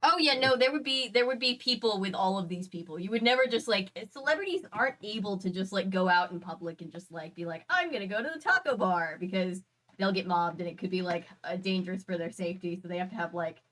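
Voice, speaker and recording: A woman's voice: mid-range voice, quick pace, fairly bright tone, poor audio. A woman co-hosting a casual stream, chatting and relaying viewer comments in long, rambling explanations. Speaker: stream co-host reading chat. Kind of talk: casual chat.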